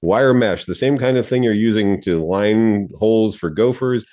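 Deep-voiced man giving garden advice. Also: moderate pace, mellow. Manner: friendly, explanatory, chuckles often. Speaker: garden show co-host. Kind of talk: radio garden advice chat.

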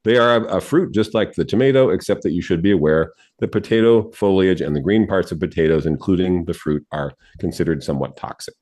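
A man's voice: deep voice, brisk, few pauses, darkish tone. A man co-hosting a radio garden show, giving friendly, explanatory advice and chuckling often.

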